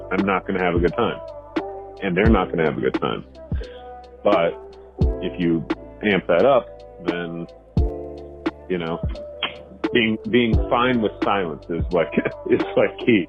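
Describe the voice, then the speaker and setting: Deep-voiced man on a tinny phone line. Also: expressive, measured pace, pauses often, music in the background. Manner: reflective, peppered with "you know". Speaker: stand-up comedian. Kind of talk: casual phone chat.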